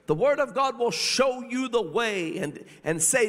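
A man's voice: very high-pitched, animated, measured pace, hardly any pauses, a bit bright. A man preaching a sermon with a rhythmic cadence, repeating phrases and calling out hallelujah. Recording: long reverb of a large hall.

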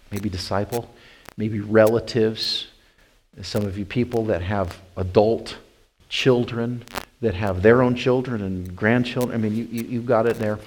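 A man preaching a sermon as pastor. He swings from loud, rising emphasis to hushed, slow passages, repeats phrases and calls his listeners "my friends.". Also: fairly low pitch, poor audio.

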